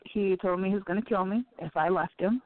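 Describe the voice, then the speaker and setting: A woman calling in to a talk show, telling her story haltingly while near tears. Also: medium pitch. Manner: halting, shaken. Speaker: guest caller. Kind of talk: personal account on a call-in show. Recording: tinny dry phone line.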